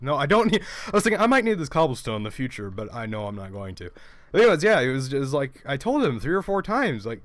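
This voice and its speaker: A man's voice: on the high side, very animated, fast talker, no echo. Rambling man telling a gaming story. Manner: rambling, frequent restarts and stammered repeats. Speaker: let's play host. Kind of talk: casual storytelling while gaming.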